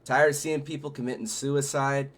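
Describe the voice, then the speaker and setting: A man's voice: medium pitch, level tone, normal speed. A man hosting a casual chat about a festival he organized, talking in a loose, profane, laid-back way. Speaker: festival organizer and show host.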